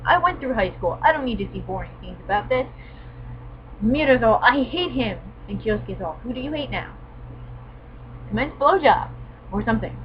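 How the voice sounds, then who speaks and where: A woman's voice: medium pitch, highs cut off, background noise. A woman reviewing an anime in sarcastic, casual commentary, full of profane, mock-exasperated asides.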